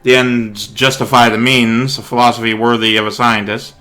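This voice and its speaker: A man's voice: medium pitch, flat delivery, normal speed, bright, forceful tone, soft background music, pitched below the performer's own voice, close to an everyday voice. A man playing a brooding young self-styled mad scientist who speaks in a grave, solemn way. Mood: grandiose.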